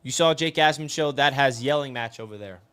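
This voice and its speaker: A man's voice: mid-range voice, a little fast, sharp tone, clean tone, dry recording. Casting: New man, live sports stream host, casual and chatty, close dry mic. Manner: chatty, answers viewer comments, says "bro" a lot. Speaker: sports talk show host reading live chat.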